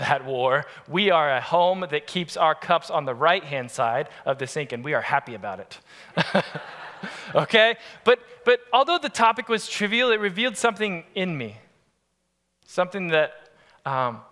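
A pastor in his adult years preaches a sermon, spinning a comic story and tossing playful asides to his listeners. His voice sits high for a man and has a bright, sharp ring to it.

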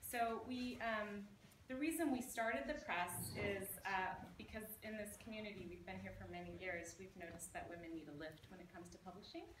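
A woman's voice: medium pitch, moderate pace, few pauses. A Scottish woman introducing a book as the press editor, chatty and hesitant with many fillers. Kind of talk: casual speech and poetry reading at a book party. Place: bookstore event. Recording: echoey room, distant mic, noisy.

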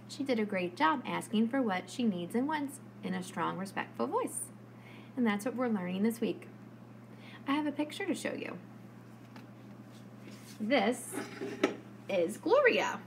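A woman preschool teacher giving a lesson to young children, speaking slowly and clearly in a sing-song way. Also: fairly high pitch, fairly bright tone, slight background noise.

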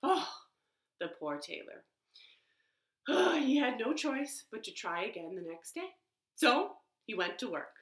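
A woman librarian telling a children's story at home in an expressive, animated way. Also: fairly high pitch, unhurried. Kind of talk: storytime read-aloud. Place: living room. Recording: roomy living room echo.

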